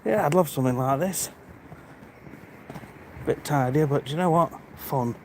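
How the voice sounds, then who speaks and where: British man, high voice, chatty, greets viewers, walking outdoors, phone mic. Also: moderate pace, a little hiss or hum. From Britain. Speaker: livestreamer. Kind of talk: casual live-stream chat while walking. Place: outdoors on a rural walk.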